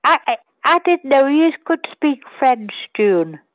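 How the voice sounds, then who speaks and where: A woman's voice: high voice, sing-song, unhurried, highs cut off, background noise. An older woman in a drama group, chatting from home in a hesitant, confused way. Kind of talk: casual group chat.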